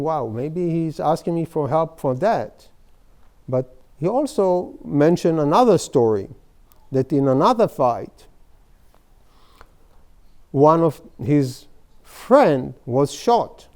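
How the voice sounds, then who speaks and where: A man giving an informal workshop lecture on therapy, in halting, full of "you know" and restarts. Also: on the high side, mellow, clean tone. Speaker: psychotherapy lecturer. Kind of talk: workshop lecture with case stories.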